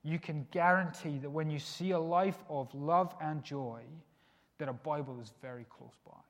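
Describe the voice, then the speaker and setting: A man's voice: fairly high pitch, moderate pace. Earnest man preaching in a reverberant hall. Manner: earnest, shifts from soft hushed lines to emphatic rises. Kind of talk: sermon.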